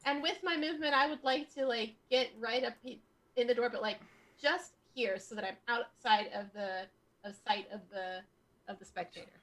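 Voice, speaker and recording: A woman's voice: a little high, normal speed, fairly bright tone. A woman playing a tabletop game who talks in a casual, exasperated way and swears easily. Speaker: player.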